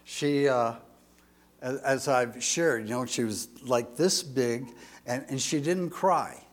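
A man's voice: medium pitch, slow pace. An older man in his sixties preaching a folksy sermon, chatty and rambling, with jokes and asides.

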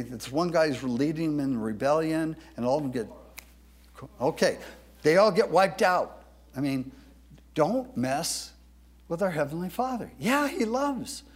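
A man preaching a sermon as a pastor, booming when he quotes scripture and halting with frequent fillers and restarts between points.

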